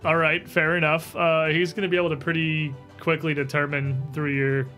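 A man narrating as game master, relaxed and halting, with many fillers. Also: a little high, faint music behind.

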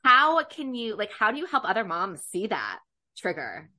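A woman's voice: mid-range voice, wildly swooping pitch, moderate pace, sharp tone. A woman hosting a podcast, chatting casually and sharing her own experience with her guest. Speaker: podcast host. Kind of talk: casual interview chat.

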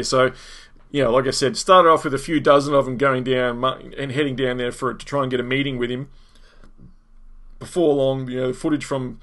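An Australian man hosts a casual talk show, telling stories with animation and acting out other people's lines. His voice sits at an ordinary middle pitch for a man. He speaks in an easygoing, conversational way. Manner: animated storyteller, acts out quotes, chuckles. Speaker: podcast host. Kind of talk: casual commentary chat.

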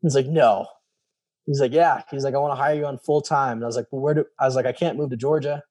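Guy with a dark mellow voice, telling a long story casually, lots of "i was like", acts out the quotes. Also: medium pitch, fast. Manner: animated, acts out quoted dialogue; many fillers and repeated "I was like". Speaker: guest telling his story.

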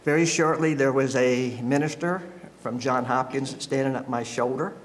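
A man giving a personal testimony to a church congregation, telling his story in an emotional, halting way that often breaks into laughter. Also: medium pitch, slight background noise.

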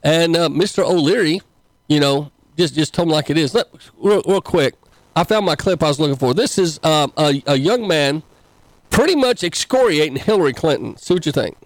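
A man hosting his own commentary show, talking in a loose, folksy way with plenty of ums and uhs. His voice sits a bit high and the sound is close and dry. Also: animated, normal speed, dry recording. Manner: rambling, filler-heavy, folksy. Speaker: talk show host. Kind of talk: casual commentary.

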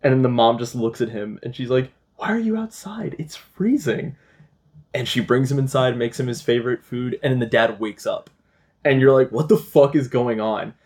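Casting: young male podcast host, lively storyteller, laughs and swears, mid pitch. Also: fairly quick. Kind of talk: casual chat.

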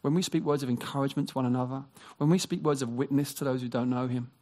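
A man preaching a sermon, animated, acting out quoted voices and dropping into hushed, near-whispered passages. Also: mid-range voice, fast. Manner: animated, acts out quoted voices, drops to a hush.

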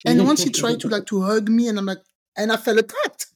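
A woman from France who speaks, hosting a podcast in an expressive, playful way and jumping in with quick reactions. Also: fairly high pitch. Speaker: podcast host. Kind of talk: casual conversational interview.

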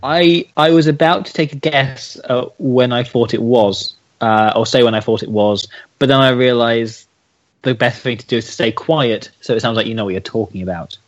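A man's voice: medium pitch, moderate pace, dull audio. A man co-hosting a podcast, joking and sarcastic in casual banter. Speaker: podcast co-host.

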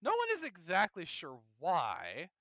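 A man hosting a gaming podcast, talking in a casual, opinionated way with animated asides. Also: high voice, measured pace, dry recording. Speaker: podcast host.

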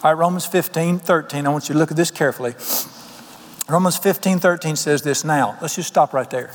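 Folksy preacher in a reverberant hall. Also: male voice, a little high, a little fast. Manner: folksy storytelling preacher, quotes people in voices, asks the congregation questions. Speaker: pastor. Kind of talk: sermon.

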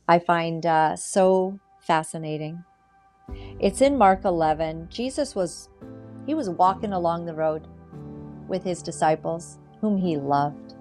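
A woman talking casually to her audience and reading scripture, chatty and animated, acting out quotes in playful voices. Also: lowish voice. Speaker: online commentator and preacher.

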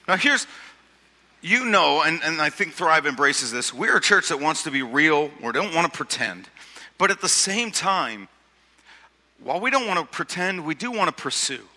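High, bright-voiced preacher in an echoing hall. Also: male voice, animated, a little slow, pauses often. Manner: conversational preaching, rhetorical questions, repeats words. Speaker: pastor. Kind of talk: sermon. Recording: long hall reverb.

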